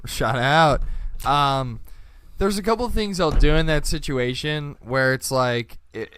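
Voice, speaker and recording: A man's voice: on the high side, slow, a bit bright, clean tone, no echo. A young man co-hosting a podcast, trading crude jokes in laid-back casual chat. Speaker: podcast co-host.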